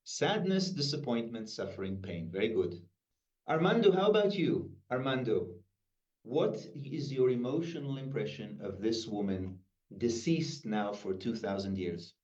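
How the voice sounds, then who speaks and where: A man's voice: medium pitch, unhurried. A man teaching a workshop, calling on participants by name and asking them questions, in a room recorded from a distance. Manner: lively, questioning the group by name. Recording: roomy, distant, dull sound.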